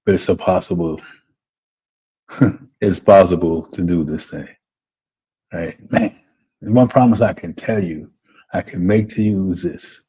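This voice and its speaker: This life coach's motivational webinar comes through as dull lo-fi audio. He sits low, speaks a little slowly with long pauses, and has a dark, breathy tone. He keeps repeating himself, asking "right?" and saying "man."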